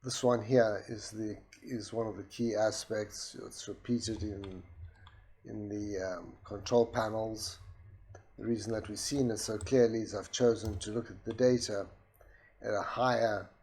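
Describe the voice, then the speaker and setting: A man walking through a software demonstration in a steady explanatory way, with a soft voice that does not carry far. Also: lowish voice, measured pace. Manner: steady explanatory, with restarts and voice commands. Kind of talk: screen-recorded product demo.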